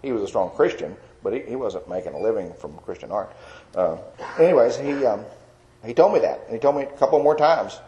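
Older male, folksy testimony, lowish mellow voice, dull lo-fi sound. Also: animated, fairly quick, slight background noise. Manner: folksy storyteller with many fillers. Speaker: Christian artist telling his testimony. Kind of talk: personal testimony.

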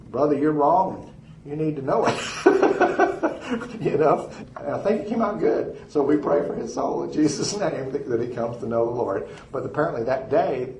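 A man's voice: mid-range voice, a little mellow, reverberant, slight background noise, low-quality recording. A man, a minister teaching and telling a personal story in a folksy, chuckling way.

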